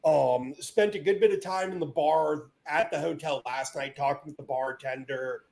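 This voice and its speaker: A relaxed male podcast co-host speaking casually. He has a dry delivery and pauses with um. His voice is a bit higher than average for a man. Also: creaky. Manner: laid-back, dry, with frequent ums.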